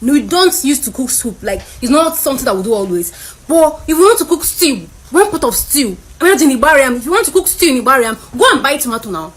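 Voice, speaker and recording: A woman's voice: sits high, breathy edge. A young woman with a Nigerian accent, a student ranting to camera in exasperated rhetorical questions. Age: young adult. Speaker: university student. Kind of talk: selfie rant video.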